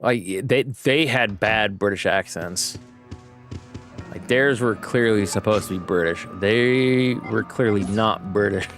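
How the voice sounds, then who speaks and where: A man's voice: on the low side, slow, a bit bright, faint music behind. A man rambling through casual gameplay commentary, often stopping to correct himself. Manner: rambling, self-correcting, chatty. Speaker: streamer.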